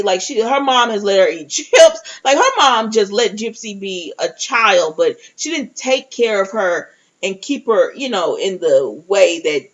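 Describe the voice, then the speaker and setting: A chatty woman recaps a TV episode for her viewers, and her pitch swings widely as she goes. She talks straight to the audience and keeps restarting her sentences. The audio is dull and lo-fi. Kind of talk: casual recap and review.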